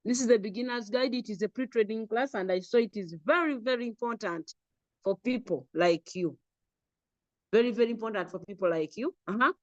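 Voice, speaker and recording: Ugandan lady lecturing on a video call, kinda high voice, repeats herself a lot, dry sound. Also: a little fast, no echo, dull audio. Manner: repetitive, drilling lists, chuckles often. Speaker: crypto trading teacher. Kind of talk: online class lecture.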